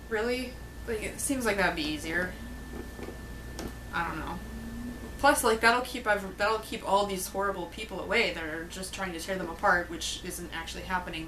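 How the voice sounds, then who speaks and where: A woman's voice: mid-range voice, fairly bright tone, slight background noise, low-quality recording. A young woman chatting casually to camera about a book, blunt, sarcastic and swearing freely. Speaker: book reviewer vlogger.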